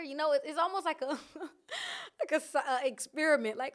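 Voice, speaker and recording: A woman vlogger talking candidly to camera in a casual, reflective way, expressive and often laughing. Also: sits high, moderate pace.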